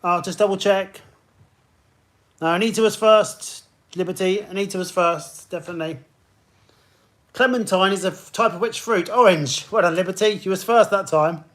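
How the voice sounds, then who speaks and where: Man, quiz host, higher voice, chatty, greets players. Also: normal speed, a bit bright. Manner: chatty, greets players by name between questions. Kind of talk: live-streamed pub quiz hosting.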